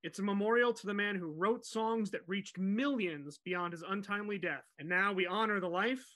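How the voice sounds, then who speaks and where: A man with a high, bright voice hosts a podcast and leads the storytelling. He talks in a casual, animated, chatty way and laughs easily as he goes. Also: moderate pace. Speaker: podcast host telling the story.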